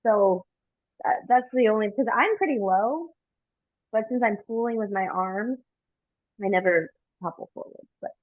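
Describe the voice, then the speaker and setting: A woman's voice: medium pitch, normal speed, dry recording. A female yoga teacher trainee chatting casually, rambling and hedging with "like". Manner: rambling, hedges with 'like'. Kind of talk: casual chat about practice. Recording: tinny, phone-like, dry.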